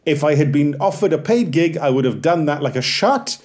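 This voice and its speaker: A Welsh man around forty, a comedian chatting on a podcast, telling animated, self-deprecating stories and slipping into little bits. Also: fairly high pitch, fairly quick. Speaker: comedian guest. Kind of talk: casual podcast chat.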